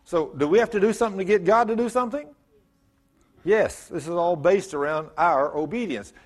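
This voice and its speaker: Male pastor, middle-aged, sermon, storytelling, self-mocking, loud emphatic bursts. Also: high-pitched, a little fast.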